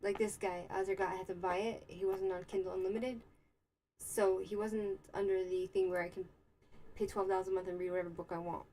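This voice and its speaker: Streaming from Israel, a young American woman rambles chattily through a story and replies to chat comments, using lots of fillers and asides. She speaks fairly quickly in a level, dark-toned, mid-range voice, and the recording quality is low.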